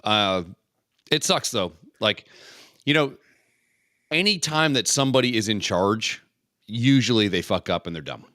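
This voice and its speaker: A man's voice: fairly low pitch, lively intonation, unhurried, long pauses, pushed and bright, no room sound, clean studio sound. A man co-hosting a podcast in casual chat, blunt and joking, often asking questions. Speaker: podcast co-host.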